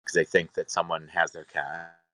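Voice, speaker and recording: A man's voice: deep voice, little pitch movement, normal speed, a bit bright, no echo, low-quality recording. A man casually telling a rambling, exasperated story about his cat, now and then calling to his pets. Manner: chatty, exasperated, talks to his cats in between. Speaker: cat owner vlogger.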